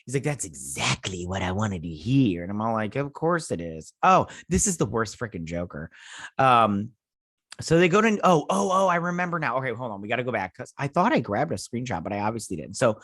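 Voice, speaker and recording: A man's voice: mid-range voice, fairly bright tone, no echo. Male host, sarcastic TV reviewer, mid-range voice, close dry mic. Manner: sarcastic, mocking, acts out characters' lines in silly voices. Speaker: show host reviewing a TV episode. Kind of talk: casual recap and review.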